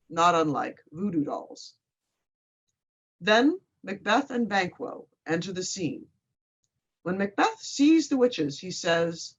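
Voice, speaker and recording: A woman's voice: mid-range voice, breathy edge. A woman professor giving a pre-show lecture, with dry, wry asides. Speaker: literature professor. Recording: slightly muffled lo-fi recording.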